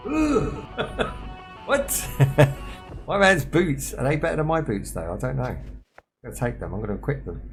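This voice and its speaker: A man's voice: mid-range voice, gravelly. Chatty man joking through gameplay. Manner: chatty, joking, talks to chat and to himself. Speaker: streamer playing a survival game. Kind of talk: casual gameplay commentary.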